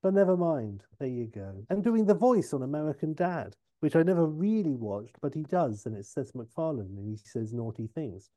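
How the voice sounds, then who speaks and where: A man's voice: on the high side, sing-song, normal speed, few pauses, warm tone. A man co-hosting a movie podcast, rambling chattily with asides. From England. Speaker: podcast co-host. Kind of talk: casual podcast chat.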